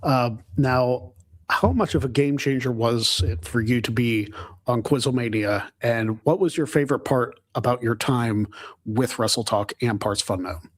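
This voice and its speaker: A man's voice: medium pitch, moderate pace. A man hosting a podcast, asking questions and giving short encouraging prompts. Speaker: podcast host. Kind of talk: interview questions.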